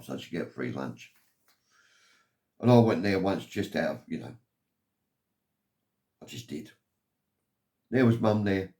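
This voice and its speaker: A low, warm voice belongs to this older Englishman, a vlogger recounting his life at length. He rambles, sounds put out, and habitually says "anyway."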